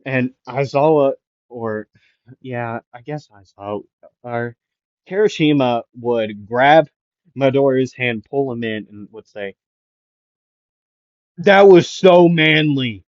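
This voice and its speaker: A man's voice: mid-range voice, slow, darkish tone, no echo. A man improvising a fan what-if story, rambling with many fillers and restarts, in a dull, lo-fi recording. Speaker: anime channel host.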